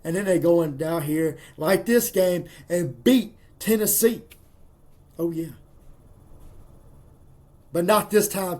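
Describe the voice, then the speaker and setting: Guy hyping his football picks, kinda high voice, folksy and fired up. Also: unhurried. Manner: excitable, folksy, emphatic. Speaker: college football commentator. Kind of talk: casual sports picks monologue.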